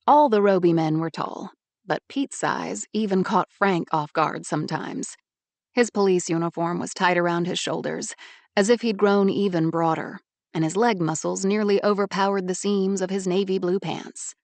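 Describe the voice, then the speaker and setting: Give me a woman with a lowish voice calmly reading a novel, dry close recording. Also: moderate pace, creaky, no room sound. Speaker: audiobook narrator. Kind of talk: scripted narration.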